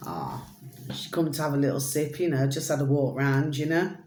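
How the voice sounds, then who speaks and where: This British vlogger delivers a rambling, casual monologue to camera in British English, full of pet phrases and sing-song asides. She has a deep, darkish voice at a moderate pace, recorded with roomy sound and slight background noise.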